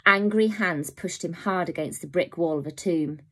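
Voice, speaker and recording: A woman teacher reading a children's novel aloud in a calm, steady way. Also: fairly low pitch, normal speed. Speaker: primary school teacher.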